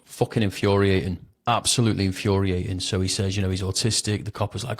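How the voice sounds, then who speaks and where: A man's voice: low-pitched, fairly even intonation, quick pace. A man hosting his own commentary show, talking in a blunt, indignant and mocking way. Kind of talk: opinionated commentary.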